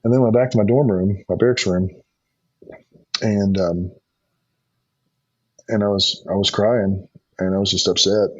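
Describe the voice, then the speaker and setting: A deep-voiced middle-aged man tells his own story with earnest feeling, stumbling and restarting as he goes. His voice is husky, and the recording is dry and a little dull. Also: no echo. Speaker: podcast guest. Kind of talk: personal testimony in conversation. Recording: dull lo-fi sound.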